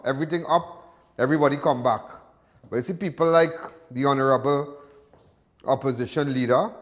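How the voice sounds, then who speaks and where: A man's voice: medium pitch, in a large hall. A Trinidadian man hosting a live crime show, talking in an emotional, repetitive monologue that rises into agitated ranting. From Trinidad and Tobago. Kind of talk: livestream monologue.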